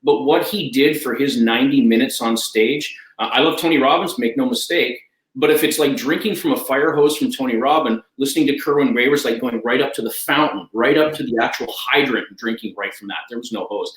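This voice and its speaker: A man's voice: medium pitch, brisk, fairly bright tone, echoey room, rough recording. A man talking as a guest life coach, enthusiastic and emphatic, repeating his key phrases. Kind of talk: energetic conversational talk.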